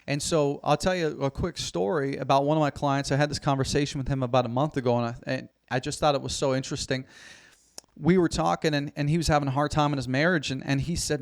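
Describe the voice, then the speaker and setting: A man's voice: fairly high pitch, steady tone, a little fast. A man, an executive coach, speaking as a podcast guest in an earnest, storytelling way. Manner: earnest, storytelling, quotes his clients. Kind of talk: podcast interview.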